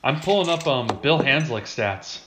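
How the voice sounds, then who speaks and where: A man's voice: medium pitch, expressive, moderate pace, background noise. A man hosting a casual sports chat, reading out player stats and chuckling often. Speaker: podcast host. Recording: roomy, dull lo-fi sound.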